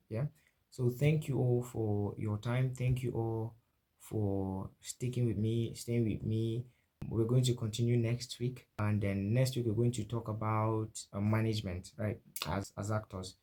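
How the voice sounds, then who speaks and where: A man's voice: on the low side, warm tone. A man with a Nigerian English accent giving a spoken lesson on acting, often restarting his sentences and checking in with "right?". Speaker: acting teacher. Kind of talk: spoken lecture to camera.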